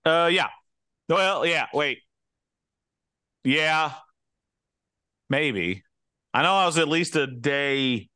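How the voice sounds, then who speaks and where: A man's voice: fairly high pitch, lively intonation, drawn-out words, pauses often, pushed and bright, clean tone, dry recording, clean studio sound. A man co-hosting a casual chat, easygoing, mostly giving short replies. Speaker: podcast co-host.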